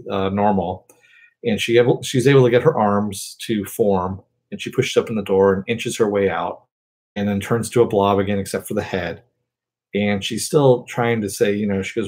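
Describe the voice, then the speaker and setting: A man's voice: lowish voice, a little mellow, husky. A man casually recapping a TV episode as a review host, rambling along with lots of fillers. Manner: rambling, filler-heavy retelling.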